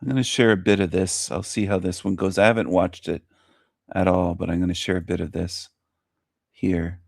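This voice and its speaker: A man's voice: low-pitched, moderate pace, gravelly, no echo, clean studio sound. A man hosting his own show, commenting on a video he plays, scornful and mocking as he rants. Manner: scornful, mocking, animated ranting. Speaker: host.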